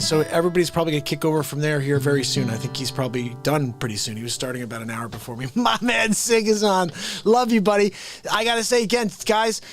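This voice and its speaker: Male live-stream host; chatty and upbeat, a bit high-pitched, with soft low asides. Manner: upbeat, chatty, greets viewers by name. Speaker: livestream host. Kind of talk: casual live-stream chat.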